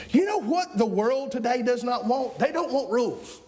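A man in his forties preaching a sermon in a folksy way that rises into shouting. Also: very high-pitched, big pitch swings, normal speed, few pauses. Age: 40s. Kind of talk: fiery sermon.

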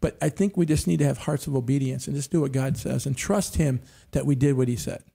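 A man's voice: mid-range voice, brisk, vocal fry, warm tone, husky. A middle-aged man telling faith stories in a casual church panel discussion, often saying amen. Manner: storytelling, frequent amens.

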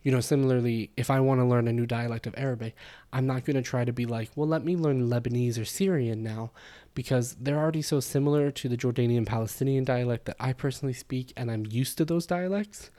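A man's voice: mid-range voice, fast, warm tone. A man hosting a language-learning podcast, talking in a chatty, explanatory way with frequent fillers. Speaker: podcast host. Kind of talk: casual spoken podcast monologue.

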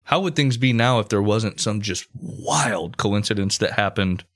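A man with a fairly low voice reads out a historical account in a relaxed, conversational way. He keeps stopping for crude, offhand jokes with his co-host. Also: measured pace. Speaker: podcast co-host narrating history. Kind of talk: casual history storytelling with banter.

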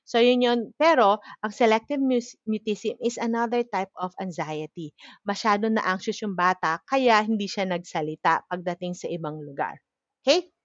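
A woman's voice: medium pitch, normal speed, no room sound, highs cut off. A woman with a Filipino accent gives an explanatory lecture on childhood anxiety. She switches between Tagalog and English and often checks in with "okay?".

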